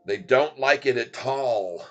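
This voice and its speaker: A man's voice: medium pitch, slow pace, lo-fi sound, soft background music. A man giving playful live commentary on his stock trades, laughing often and chanting goofy little rhymes. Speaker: stock trading streamer. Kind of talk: casual live trading commentary.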